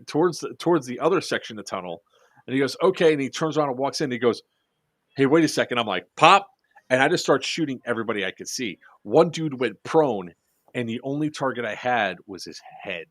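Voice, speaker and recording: Animated man telling a story, dry sound. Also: medium pitch, quick pace, dry recording. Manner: animated, acts out quotes, swears freely. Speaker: airsoft podcast speaker. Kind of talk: casual storytelling chat.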